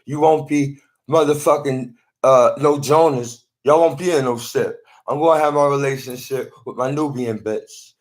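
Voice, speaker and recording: A man's voice: mid-range voice, moderate pace. A man talking to a phone in a rambling monologue, often repeating and restarting his words.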